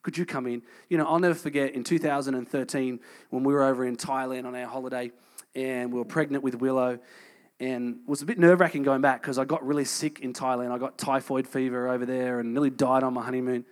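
A man in his thirties preaching a sermon as a pastor, in a conversational, earnest way, moving from emphatic points to soft, intimate passages. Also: medium pitch, flat delivery, quick pace.

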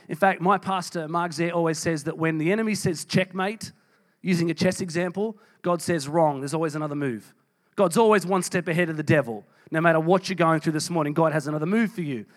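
A man's voice: on the high side, a little fast. A man preaching a sermon, reading scripture and speaking with strong emphasis. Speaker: pastor.

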